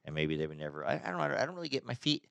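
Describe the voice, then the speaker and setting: A man's voice: lowish voice, sing-song, very fast, gravelly, a bit bright, dry recording. A middle-aged man with a nasal voice hosting a casual podcast chat, rambling, swearing freely and restarting his sentences. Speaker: podcast host.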